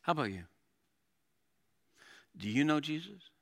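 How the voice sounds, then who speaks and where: A middle-aged male pastor preaching a sermon, animated, with dramatic readings and laughs. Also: a little high, measured pace, vocal fry.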